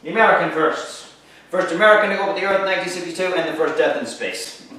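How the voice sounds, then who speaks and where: Male lecturer, slightly high voice, sarcastic and lively, heard from afar in a very echoey lecture room. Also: quick pace, slight background noise. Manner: lively, sarcastic, addresses the class. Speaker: teacher. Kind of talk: history lecture. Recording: echoey room, far from mic.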